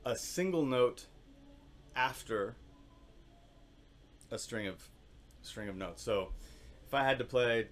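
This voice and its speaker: A man teaching orchestral percussion, explaining calmly with many fillers and singing rhythms on syllables. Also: medium pitch, slow, pauses often. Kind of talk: instructional demonstration.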